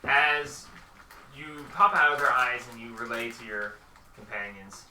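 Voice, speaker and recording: A game master narrating a tabletop game, animated, with sound effects and the odd shout. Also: mid-range voice, measured pace, slight background noise. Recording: roomy, distant mic.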